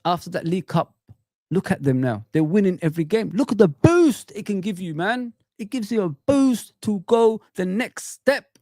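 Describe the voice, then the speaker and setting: A middle-aged man runs a live football stream, passionately ranting and asking rhetorical questions directly of his viewers and chat. His high, darkish voice is expressive and moves at a normal speed. Clean studio sound with no echo.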